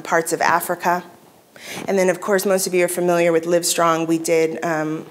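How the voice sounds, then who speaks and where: A woman giving a conference keynote, telling stories in a conversational way with frequent fillers and restarts. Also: fairly low pitch. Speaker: keynote speaker. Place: convention hall stage.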